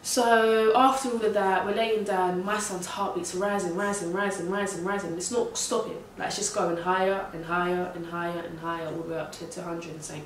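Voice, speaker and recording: A woman's voice: fairly low pitch, brisk, hardly any pauses, slight background noise. Young woman, slangy swearing storyteller, echoey room, voice set back from the mic. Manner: animated, swearing, slangy retelling. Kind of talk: casual storytelling. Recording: echoey room heard from a distance.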